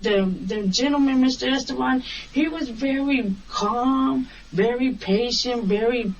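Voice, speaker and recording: A woman's voice: a little high, a little slow. A woman taxi driver recounting an incident in an interview, acting out the dialogue as she goes. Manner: animated storyteller acting out quoted dialogue. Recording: distant, muffled recording with faint hiss.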